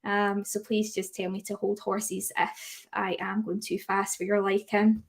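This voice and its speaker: A woman's voice: mid-range voice, level tone, a little slow, gravelly. A young woman teaching a live online class on dog grooming, asking her audience questions and reading out their chat answers. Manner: chatty, asks the audience questions, reads out chat replies.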